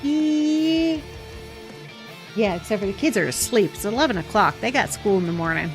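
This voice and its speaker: A woman streamer chatting casually on a live game stream, giggly and expressive. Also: medium pitch, normal speed, soft background music.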